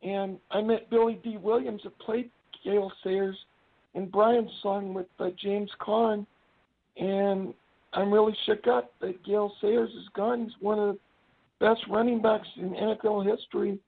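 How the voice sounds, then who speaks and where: A man's voice: high voice, flat delivery, unhurried, gravelly. A man talking as a guest in a casual chat, rambling through stories. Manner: rambling storyteller, does wrestler impressions. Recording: tinny phone-line sound.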